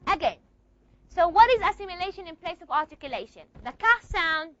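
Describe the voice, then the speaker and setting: A woman teaching a phonetics lesson in class, asking questions and answering them herself, and stretching key words slowly. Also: extremely high pitch, expressive, a bit bright. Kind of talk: classroom lecture. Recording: dull lo-fi recording.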